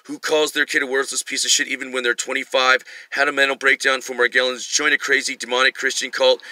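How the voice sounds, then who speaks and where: A man's voice: medium pitch, bright, forceful tone, no room sound. A middle-aged male comedian giving a rambling, profane, self-mocking monologue.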